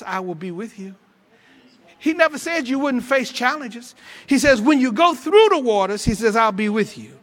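A man's voice: high voice, fairly bright tone. A male pastor preaching a sermon with fervor, repeating phrases and calling out to the congregation.

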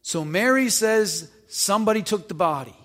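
A male preacher works through a Gospel passage, reading each verse and then breaking it down in plain, conversational terms. He poses questions to his listeners as he goes. His voice is fairly high for a man, and it carries into a long, ringing reverb, as if from a church hall. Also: lively intonation, moderate pace, fairly bright tone. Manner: reads verses then explains them conversationally, asking questions. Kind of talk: Bible teaching, reading scripture with commentary.

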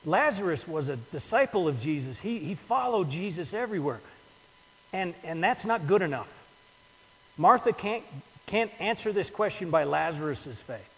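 Older male pastor, earnest sermon delivery, slightly high voice, long church reverb. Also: very animated, normal speed, fairly bright tone, breathy edge. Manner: earnest, repeats words while building a point.

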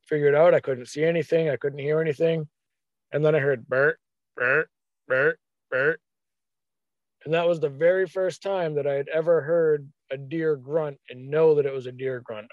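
Guy telling a hunting story, kinda high voice, dry and a bit dull sounding. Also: dry recording. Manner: animated, acts out his own thoughts in quotes. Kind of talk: casual storytelling.

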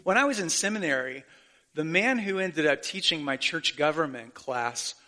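Male pastor, forties, bright, fairly high voice, earnest conversational preaching. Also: animated, moderate pace. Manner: earnest, conversational preaching with self-deprecating asides. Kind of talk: sermon.

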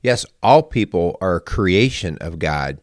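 A deep-voiced man talks through faith and family with his partner, pausing and restarting mid-sentence as he thinks aloud. The recording is dry and close, with no room around the voice. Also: lively intonation, a little mellow, dry recording. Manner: halting, restarts often, calls partner "hun". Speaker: podcast co-host. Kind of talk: casual faith-based conversation.

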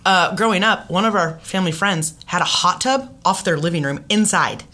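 A woman podcast guest and comedian in casual chat, telling stories with lively, playful delivery. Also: lowish voice, normal speed. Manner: animated storytelling with funny voices.

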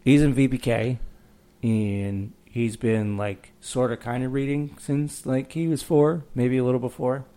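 A man in his thirties chats casually on a podcast, rambling through a long story. He laughs at his own jokes. His voice is mellow and dark, with a steady middle pitch. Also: measured pace. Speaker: podcast co-host. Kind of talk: casual chat.

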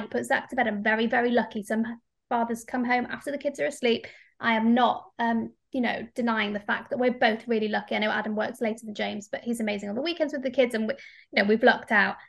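A woman in her thirties chatting candidly as a podcast co-host, animated when she rants. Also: fairly high pitch, gravelly. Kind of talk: casual podcast chat.

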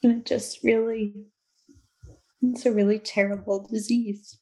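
A woman in her thirties, a guest in an interview, speaking slowly and reflectively about hard personal things. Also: fairly high pitch, little pitch movement, mellow. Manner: slow, reflective, emotional. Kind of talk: candid interview talk.

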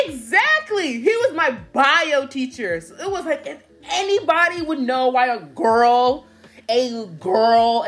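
A young woman casually telling a story, laughing and acting out what people said. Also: high voice. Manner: animated, laughing storytelling with acted-out quotes. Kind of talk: casual chat.

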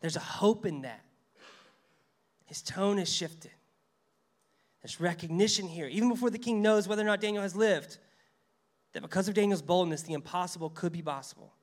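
Higher-voiced man preaching conversationally. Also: moderate pace. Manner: conversational preaching, reads scripture aloud, acts out quotes. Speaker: pastor. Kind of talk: sermon.

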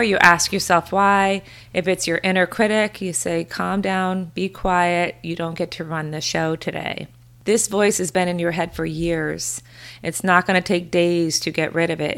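A woman's voice: lowish voice, a bit bright. A woman hosting a podcast, giving an earnest, encouraging motivational talk that repeats phrases for emphasis. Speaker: podcast host, confidence coach.

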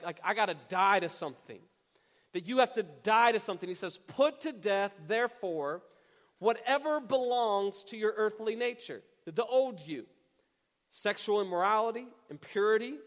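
High-voiced preaching man, hall echo. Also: fairly bright tone. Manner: emphatic preaching with stretched, stressed words. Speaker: pastor. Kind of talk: sermon. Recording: long reverb of a church hall.

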